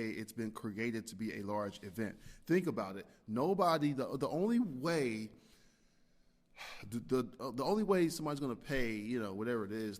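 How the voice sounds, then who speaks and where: A man hosting his own podcast, rambling and animated, swinging between loud rants and quiet muttered asides. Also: mid-range voice. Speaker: podcast host. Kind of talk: casual solo podcast monologue. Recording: long reverb from a hall-like room.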